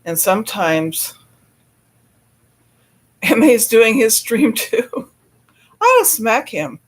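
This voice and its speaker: A man with a notably high voice talks loosely to his live stream audience. He laughs often and breaks off mid-thought to greet viewers in the chat before picking his story back up. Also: big pitch swings, takes it slowly.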